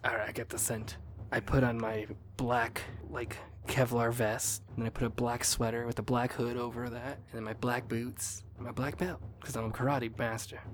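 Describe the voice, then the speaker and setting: A man's voice: medium pitch, flat delivery, normal speed, a little hiss or hum, natural voice. A man playing a tough karate-master snake in an improvised comedy podcast, with a laid-back, matter-of-fact delivery. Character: Little Snaky, tough male karate snake. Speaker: podcast host. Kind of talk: improvised comedy role-play.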